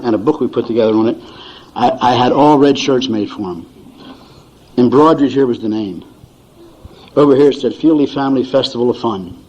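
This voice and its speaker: An older man with a medium-pitched, darkish voice shares chuckling, folksy stories with an audience at a recovery meeting, imitating the voices of his relatives. The recording sounds dull and lo-fi.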